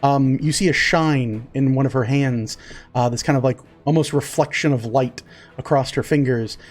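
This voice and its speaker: A man's voice: medium pitch, moderate pace. A man narrating a tabletop game as game master, rambling with many fillers.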